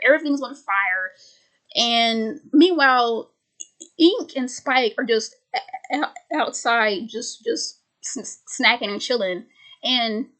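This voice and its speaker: A woman's voice: on the high side, fairly bright tone. Stuttering young woman recapping a film. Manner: stutters, restarts words. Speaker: video creator.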